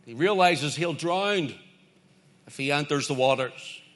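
A man's voice: a little high, animated, measured pace, a bit bright. A man preaching a sermon, emphatic and repetitive, building his points in lists.

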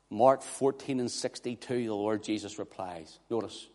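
A man preaching a sermon, swinging from hushed, quiet passages to loud, impassioned declarations. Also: fairly low pitch, normal speed, hardly any pauses. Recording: long hall reverb.

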